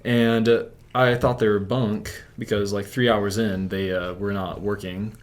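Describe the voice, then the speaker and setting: A man's voice: fairly low pitch, flat delivery, measured pace. A young man telling a story as an interview guest, rambling, with filler "like" in nearly every sentence. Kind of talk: casual storytelling.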